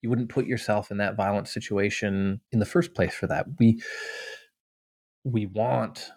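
A man with a fairly low voice reads a passage and then talks it through in an earnest, searching manner. He often restarts his sentences and tags them with little questions. The sound is dry and close. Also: fairly even intonation, unhurried, a little mellow, dry recording. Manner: earnest, thoughtful, many restarts and "right?" tags. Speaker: author and veteran guest. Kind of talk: reading aloud then interview answers.

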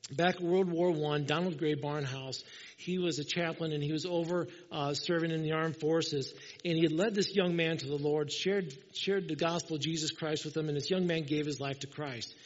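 Storytelling pastor in a reverberant hall. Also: male voice, on the high side, fairly even intonation, moderate pace. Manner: conversational storytelling, acts out quotes. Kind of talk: sermon. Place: church. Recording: dull sound, long hall reverb.

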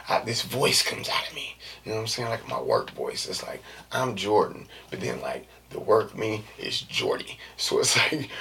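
A man's voice: medium pitch, gravelly, recorded from a distance, slight background noise. A man in his thirties talking casually and loosely in slang, sometimes dropping to a whisper. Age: 30s. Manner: loose, slangy and animated, drops into whispers and jokey put-on voices. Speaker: vlogger. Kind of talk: casual monologue.

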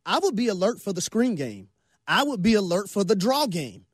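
High-voiced, emphatic sports radio man. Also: big pitch swings, moderate pace, husky, no room sound, studio quality. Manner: emphatic, preachy folksy sayings, repeats phrases. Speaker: radio show co-host. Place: radio studio.

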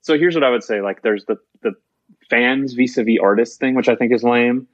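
A man's voice: medium pitch, brisk, dry recording, dull audio. A man talking as a podcast guest in loose, rambling chat, swearing freely and filling with "like". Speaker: musician guest.

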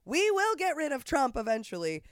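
A man co-hosting a podcast, chatting casually and profanely about politics in a rambling, animated way. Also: very high-pitched, fairly quick, no echo, clean studio sound. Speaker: podcast co-host.

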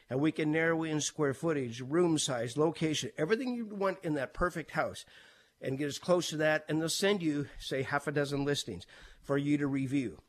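A middle-aged man with a slightly raised voice walks through home buying step by step. He speaks as a realtor, plain and practical, with a few fillers here and there. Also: on the high side. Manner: plain, practical, steady explaining with occasional fillers.

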